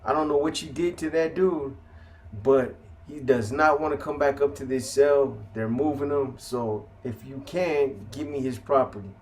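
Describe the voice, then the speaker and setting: A man voicing a male prison guard who speaks flat and matter-of-fact. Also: medium pitch, moderate pace, lightly acted.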